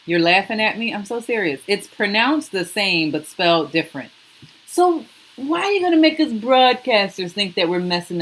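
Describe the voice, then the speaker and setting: A woman's voice: medium pitch, fairly bright tone, low-quality recording. A woman hosting a casual live stream, chatting and greeting viewers by name. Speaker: soap maker and live-stream host.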